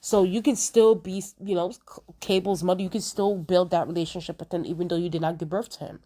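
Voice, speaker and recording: A woman's voice: lowish voice, fairly even intonation, fast talker, warm tone. A young woman talking through a TV episode in a casual review vlog, chatty and emphatic, repeating herself for effect. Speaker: TV show reviewer.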